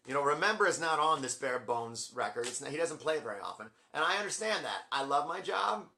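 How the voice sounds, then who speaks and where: A middle-aged man rambling through a story for his video blog, his voice bright and a touch higher than most. He gets excitable and acts out what people said, leaping up in pitch when he does. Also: fast talker, creaky, a little hiss or hum. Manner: excitable, acts out quotes with big pitch jumps. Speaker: music vlogger.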